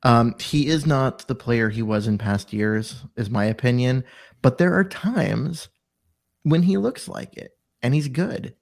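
On a sports podcast, this male co-host rambles loosely about football, with plenty of fillers and restarted sentences. He has a mid-range, creaky voice with lively intonation and a measured pace.

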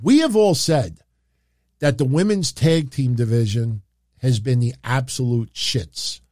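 A man's voice: medium pitch, expressive, a little slow, a little mellow, dry recording, studio quality. A man with a New York accent, rambling through opinionated wrestling talk on a livestream. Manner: rambling and opinionated, many filler phrases. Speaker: wrestling commentary streamer.

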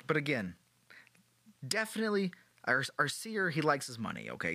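A man's voice: fairly high pitch, wildly swooping pitch, moderate pace, gravelly, sharp tone, dry recording. A man hosting a podcast, telling a history story in a casual, playful way with sarcastic joking asides. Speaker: podcast host.

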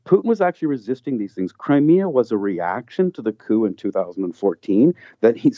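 A man's voice: lowish voice, no echo, dull audio. A man in an earnest, emphatic conversational discussion, often restarting his sentences as he builds his point.

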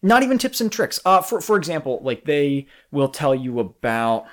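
A man's voice: fairly high pitch, big pitch swings, moderate pace. A man hosting a casual podcast chat, easygoing, laughing often, with many fillers. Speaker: podcast host.

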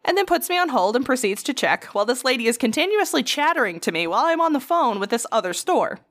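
A young woman co-hosting a podcast, telling workplace stories in a casual, animated way and acting out quotes. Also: sits high, fast. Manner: animated, acts out quotes, laughs often. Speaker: podcast co-host. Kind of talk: casual storytelling chat.

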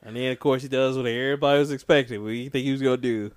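A man's voice: medium pitch, fairly even intonation, rapid-fire, clean tone, dry recording, studio quality. A man co-hosting a podcast, riffing casually and profanely on a movie and asking questions. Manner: chatty, profane, riffs and asks questions. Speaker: podcast co-host. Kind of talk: casual movie review chat.

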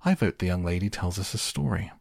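A man's voice: low-pitched, animated, fast, gravelly, darkish tone, no room sound, clean studio sound, heavily acted. A man voicing a bored, yawning hare who bosses the others in a storybook reading. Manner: impatient, bossy.

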